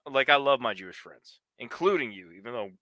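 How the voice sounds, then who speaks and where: A man's voice: mid-range voice, expressive, a little fast, a crowd in the background. A man in his forties co-hosting a live sports talk show, telling stories with crude, brash jokes. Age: 40s. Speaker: co-host. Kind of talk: casual chat.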